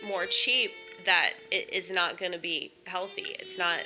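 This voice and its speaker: A woman's voice: lowish voice, expressive, a little slow, bright, forceful tone, faint music behind. A woman in a casual, blunt monologue, airing opinions and swearing freely.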